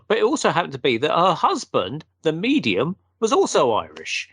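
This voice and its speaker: Animated man telling a story. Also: fairly high pitch, normal speed, slightly rough, dry recording. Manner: animated, acts out quotes. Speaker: guest. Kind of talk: casual anecdotal storytelling.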